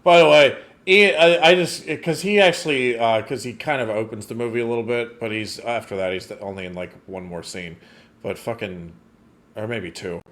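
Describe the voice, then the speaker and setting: A man co-hosting a casual movie review chat, blunt and swearing, his sentences trailing off quietly. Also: mid-range voice, moderate pace. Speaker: podcast co-host.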